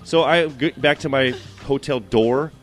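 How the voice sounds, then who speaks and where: A young man hosting a radio show, telling a story in a casual, animated way and mimicking the people in it. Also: medium pitch, measured pace, soft background music. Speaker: radio host.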